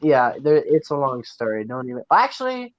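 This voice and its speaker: A man's voice: mid-range voice, very animated, moderate pace, dull audio. A teenage boy telling a rambling story on a podcast, full of "like" and "right?". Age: teens. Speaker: podcast co-host. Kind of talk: casual storytelling while gaming.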